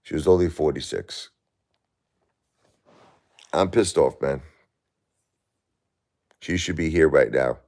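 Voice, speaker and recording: A man in his forties hosts a livestream and argues passionately with a viewer. His voice sits extremely low, with a gravelly fry. He repeats himself as he presses each point. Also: takes it slowly, long pauses, darkish tone. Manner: impassioned, repetitive, arguing with a chat viewer. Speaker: livestream host. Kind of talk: emotional livestream chat.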